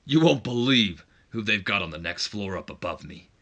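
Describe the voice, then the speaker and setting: A man putting on a boastful wrestling legend delivering a loud promo, as a jokey impression. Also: lowish voice, expressive, normal speed, heavily acted. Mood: hyped promo.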